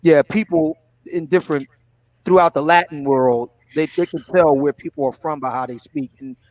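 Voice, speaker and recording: A man's voice: on the high side, moderate pace, darkish tone, low-quality recording. A man in casual conversation who talks hesitantly, repeating words and leaning on fillers. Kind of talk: casual chat.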